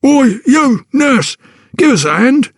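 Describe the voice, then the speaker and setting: A man voicing a gruff male hospital porter who barks orders in a storybook reading. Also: very high-pitched, sing-song, slow pace, dry recording, clean studio sound, pitched above the performer's own voice, exaggerated voice. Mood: bossy, impatient. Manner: barking orders.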